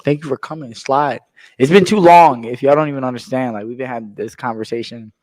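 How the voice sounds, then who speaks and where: A man's voice: mid-range voice, brisk, darkish tone. A man appearing as a guest artist, chatting casually and jokingly on a podcast, sometimes chanting lines. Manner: playful, joking, chanting bits. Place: creative studio space on location. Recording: roomy echo.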